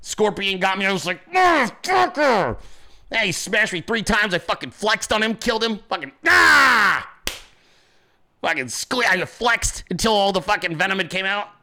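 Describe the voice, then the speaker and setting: A man's voice: sits high, brisk, few pauses, pushed and bright. A man hosting a political commentary show, talking in a brash, swaggering, profane monologue. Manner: brash, swaggering, heavy swearing.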